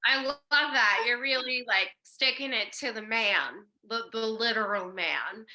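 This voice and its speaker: A woman's voice: fairly high pitch, slow, pushed and bright, a little hiss or hum, poor audio. A woman in her early thirties hosting a panel talk show, chatty and upbeat as she tells stories and passes to guests. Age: 30s. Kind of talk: casual panel chat.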